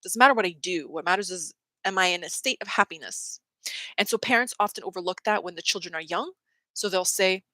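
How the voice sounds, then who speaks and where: A young adult woman hosting a casual spiritual talk, opinionated and quick to quote people in mocking voices. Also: fairly low pitch, pushed and bright, no room sound, rough recording. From Canada. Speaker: host.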